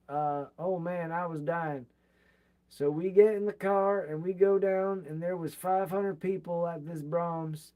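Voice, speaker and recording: A man reads a biography aloud and chats about it between passages. His voice sits a little high, and he livens up when acting out the quoted lines. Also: warm tone. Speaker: reader of a biography. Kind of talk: reading aloud from a book with comments.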